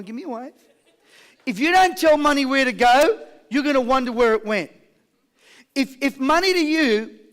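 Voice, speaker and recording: A man giving a live motivational seminar, drawing call and response from his audience and telling jokey stories. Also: very high-pitched. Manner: energetic call-and-response with the crowd; jokey storytelling. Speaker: motivational speaker.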